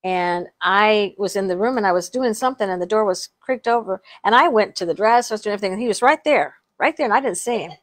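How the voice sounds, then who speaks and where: A middle-aged woman tells family stories in easy, casual chat. She laughs often and restarts her sentences as she goes. Her voice sits at an ordinary middle pitch. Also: quick pace, few pauses. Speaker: podcast co-host.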